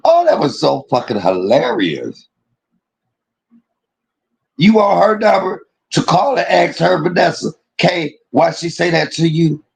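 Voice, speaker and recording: Brief: man from Detroit hosting a livestream, rants and swears, lots of laughter, big swings in pitch. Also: unhurried, vocal fry, rough recording. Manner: animated, profane, laughs often. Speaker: livestream host. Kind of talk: casual ranting livestream talk.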